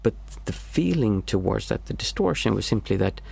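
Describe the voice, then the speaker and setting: His voice is fairly low, creaky, husky and darkish, swinging widely in pitch at a moderate pace. On a livestream, this meditation teacher, a young adult to middle-aged father of small children, offers a casual, reflective talk, hunting aloud for his words.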